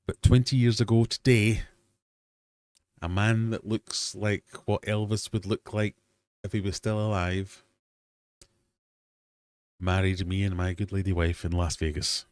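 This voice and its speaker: A man's voice: fairly low pitch, fairly even intonation, unhurried, pauses often, a little mellow, clean tone, dry recording. A Scottish man in his forties hosting a casual livestream quiz, bantering with chat in a jokey, self-deprecating way. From Scotland. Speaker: livestream host. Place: home fish room.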